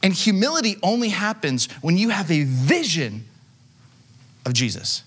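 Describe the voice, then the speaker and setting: A man's voice: high voice, big pitch swings, moderate pace, a bit bright, breathy edge. A man, preaching a sermon in a loose, conversational way and telling stories on himself with plenty of fillers. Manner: conversational, self-deprecating storytelling with frequent fillers. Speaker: pastor.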